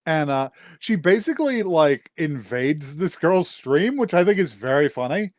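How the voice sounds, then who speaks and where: A man's voice: fairly high pitch, lively intonation, moderate pace, no echo. Man, podcast host, rambling casual recap, laughs often, dry close mic. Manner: rambling, lots of fillers and laughs. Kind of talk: casual anime recap chat.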